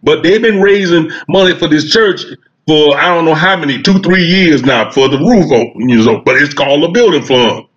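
A man spins a long, drawling comic story and voices each side of the conversation himself. His voice sits a little high, and the recording is dull and muffled. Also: moderate pace, a bit bright. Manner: folksy, drawling Southern storytelling with quoted dialogue. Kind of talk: storytelling stand-up monologue.

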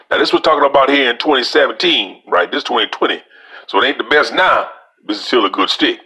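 A man's voice: medium pitch, lively intonation, quick pace, pushed and bright, husky. A man with a Louisiana accent giving a casual cigar review, talking folksy and straight to his viewers as y'all.

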